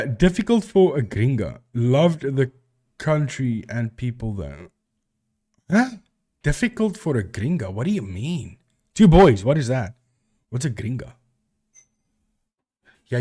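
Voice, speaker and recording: A man's voice: medium pitch, a little mellow. A man from South Africa with a South African accent, a live stream host chatting casually and answering viewers with rambling restarts.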